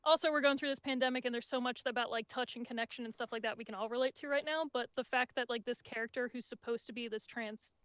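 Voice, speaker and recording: A woman leads a casual review chat, talking quickly in a high voice and tumbling through her thoughts with lots of "like." Her sound is dry and close, from a home mic on a video call. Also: no echo. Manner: excitable, chatty, lots of "like". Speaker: podcast host.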